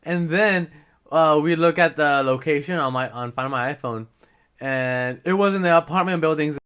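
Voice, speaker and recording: A man's voice: on the high side, normal speed, a bit bright, clean tone. A young man telling a rambling, profane story to the camera as a casual vlog, switching between English and Spanish. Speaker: vlogger.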